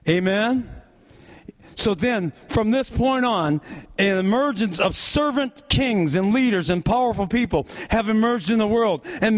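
A male pastor preaching a sermon, leading the congregation in call-and-response. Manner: call-and-response preaching, rising and falling in pitch.

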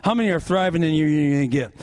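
A man's voice: lively intonation, racing, a little mellow. A male pastor preaching a sermon, leading the congregation in call-and-response. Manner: call-and-response preaching, rising and falling in pitch.

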